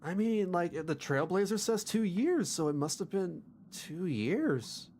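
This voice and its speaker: Animated, laughing game streamer. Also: medium pitch, unhurried, a little hiss or hum. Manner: animated, reactive, laughs often. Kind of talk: livestream gameplay commentary.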